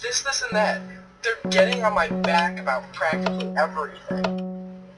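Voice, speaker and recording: A man in a casual gaming chat, complaining in quick, excited bursts. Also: high-pitched, over loud music. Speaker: gaming friend. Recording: distant mic with clear background noise.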